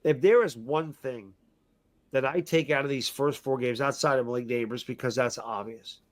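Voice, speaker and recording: A man's voice: mid-range voice, moderate pace. Frustrated middle-aged man ranting. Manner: frustrated, emphatic, repeats himself. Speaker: sports fan commentator. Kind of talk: casual post-game rant.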